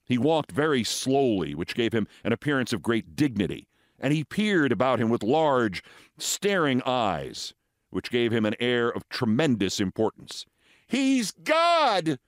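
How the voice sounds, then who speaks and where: A man's voice: mid-range voice, moderate pace, no echo, clean studio sound. Theatrical man reading fables. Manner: expressive, theatrical storytelling. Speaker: host.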